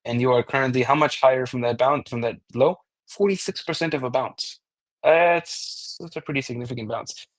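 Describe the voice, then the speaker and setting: A man's voice: medium pitch, moderate pace. A man giving a casual chart analysis as a crypto trading analyst, talking loosely with frequent restarts and the odd swear word.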